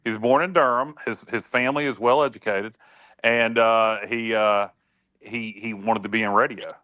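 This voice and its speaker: A man hosting a sports talk show, telling folksy sayings with many halting restarts. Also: fairly low pitch, steady tone, pushed and bright, dry recording. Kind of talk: casual chat.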